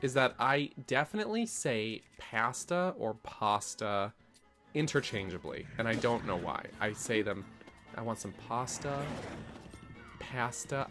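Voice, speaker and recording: A man casually chatting while playing a video game on stream, joking about how words are said and laughing at himself often. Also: lowish voice. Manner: playful, self-mocking, laughs often. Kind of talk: casual gameplay commentary.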